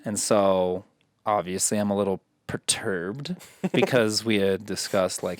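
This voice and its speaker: A man hosting a casual podcast, telling stories in an animated way and swearing freely. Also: on the low side, unhurried, no room sound, studio quality. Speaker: podcast host.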